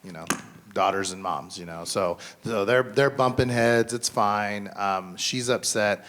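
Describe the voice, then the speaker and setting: A man in his thirties or forties speaking on a school mental health panel in a slightly low voice. He talks in an earnest, conversational way, full of "um"s and restarts as he works through his points. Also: unhurried, a bit bright. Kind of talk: symposium panel talk. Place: school event.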